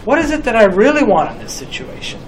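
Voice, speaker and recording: A man's voice: sits high, wildly swooping pitch, quick pace, a little hiss or hum, poor audio. A middle-aged man giving a reflective talk on group communication, with many rhetorical questions. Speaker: teacher.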